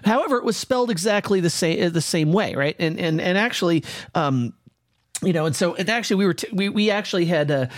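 Halting, restarting man in casual chat. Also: high voice, lively intonation, no echo, clean studio sound. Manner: halting, full of restarts and repeated words. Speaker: podcast co-host.

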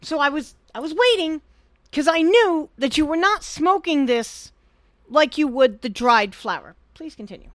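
A woman co-hosting a casual podcast, blunt and animated, swearing freely as she gives her opinions. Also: sits high, normal speed, no room sound. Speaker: podcast co-host. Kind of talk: casual chat.

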